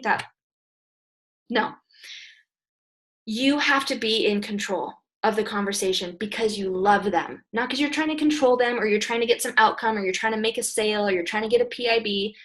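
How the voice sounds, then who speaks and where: A young adult woman giving an energetic, direct coaching talk to her sales team, often checking in with "okay?". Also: a little high, normal speed. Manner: energetic, direct, emphatic, repeats "okay?" and "you guys". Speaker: network marketing team leader.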